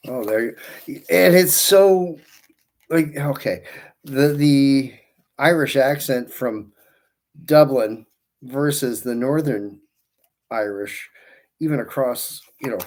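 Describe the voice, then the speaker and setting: A man hosting a live balloon-twisting stream who talks at an unhurried, slow pace in a middle-pitched voice. He greets viewers by name and drifts into rambling, friendly asides. He keeps working with his hands as he chats. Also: darkish tone. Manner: works with his hands while talking. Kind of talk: casual livestream chat with viewers.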